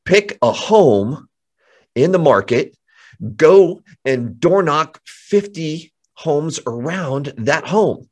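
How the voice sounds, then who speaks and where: Energetic man giving a pep talk. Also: on the high side, slow pace. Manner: energetic, emphatic, repeats words. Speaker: real estate coach. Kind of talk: motivational talk.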